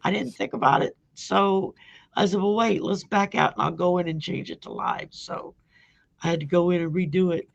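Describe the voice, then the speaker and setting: A woman from Louisiana with a Cajun accent hosting a casual live video chat, hoarse from a sore throat, chatty and rambling with frequent laughs. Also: lowish voice, steady tone, normal speed, lo-fi sound. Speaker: host.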